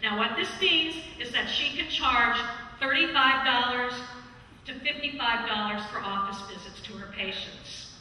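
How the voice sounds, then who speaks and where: A woman addresses a town meeting, rallying the crowd with emphatic, high, very bright delivery. Her voice comes from far off the mic, with long, heavy echo filling a large hall. Faint room noise sits underneath. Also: moderate pace. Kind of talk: public speech at a town meeting.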